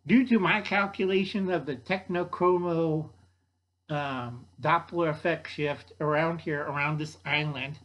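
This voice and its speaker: A man's voice: fairly high pitch, unhurried, fairly bright tone. A man playing a fussy time traveler. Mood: lecturing. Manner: pseudo-technical, lecturing. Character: fussy male time traveler explaining science.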